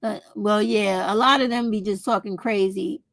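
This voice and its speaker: A woman's voice: mid-range voice, steady tone, moderate pace, creaky, no room sound. A woman, talking straight to her viewers in a casual opinion vlog, blunt and profane. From United States. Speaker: vlog host.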